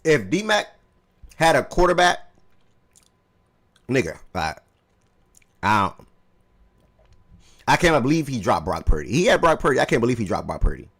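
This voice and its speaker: A man hosting a casual fantasy football talk show, animated and profane, swinging between heated outbursts and low mutters. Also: normal speed, vocal fry, pauses often, breathy edge. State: eating oatmeal while talking. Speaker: podcast host.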